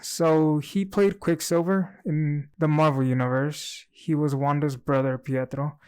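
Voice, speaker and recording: A man co-hosting a casual movie review chat, giving his opinions in a relaxed, rambling way. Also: a little high, unhurried, smooth.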